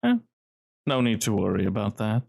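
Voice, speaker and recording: A man voicing a tall, distinguished, guarded gentleman who speaks smoothly and calmly. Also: on the low side. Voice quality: smooth, velvety. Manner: calm, measured, cagey.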